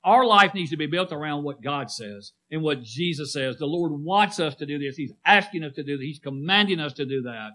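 A man's voice: fairly high pitch, expressive, fairly quick, hardly any pauses, sharp tone. A man preaching a sermon to his congregation, emphatic and repetitive, calling on listeners by name and asking them to answer back. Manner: emphatic, repeats phrases, calls on listeners by name. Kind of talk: sermon with congregation call-and-response.

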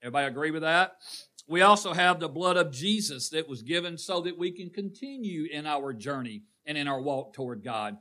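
A man's voice: fairly high pitch, a little fast, bright, forceful tone. A man preaching a call-and-response sermon in a church, quizzing the congregation. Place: church sanctuary.

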